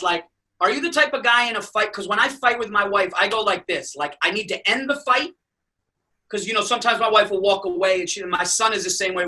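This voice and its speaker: Brief: male podcast co-host, high and piercing, excitable comic storyteller, a bit off-mic. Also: far from the mic, poor audio. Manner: excitable, swearing, rising to shouts. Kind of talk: casual comedic chat.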